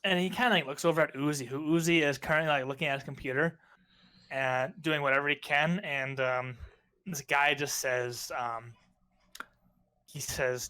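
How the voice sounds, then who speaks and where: A man's voice: mid-range voice, fairly even intonation, normal speed, sharp tone, smooth. A man narrating as game master of a tabletop game, hesitant and full of ums.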